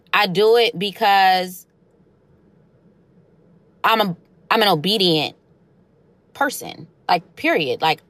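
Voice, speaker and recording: A woman chatting casually to camera, retelling a story in an animated way and acting out the voices of the people in it. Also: medium pitch, dry recording.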